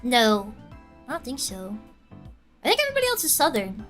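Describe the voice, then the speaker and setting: A woman's voice: on the high side, huge pitch swings, fairly quick, a bit bright, faint music behind. A young adult woman streamer telling a gossipy story in casual chat, laughing often and answering her chat.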